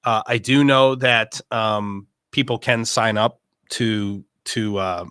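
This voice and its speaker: A middle-aged man with a lowish but bright, forceful voice hosts a casual livestream. He talks in an earnest, rambling way, stacking up asides and restarts. The sound is close and dry, with no room around it. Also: steady tone, slow pace, clear, resonant tone, dry recording. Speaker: host.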